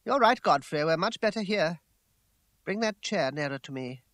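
A man's voice: a little high, expressive, moderate pace, a bit bright, dry recording. A man reading an audiobook voices a proud, troubled young woman whose lines come out raised, emotional and pleading. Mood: guarded. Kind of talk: audiobook character voice.

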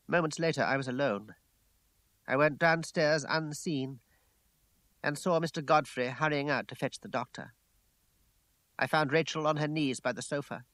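A man giving a measured, dramatic first-person audiobook narration. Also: medium pitch, fairly bright tone, no echo. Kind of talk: scripted narration.

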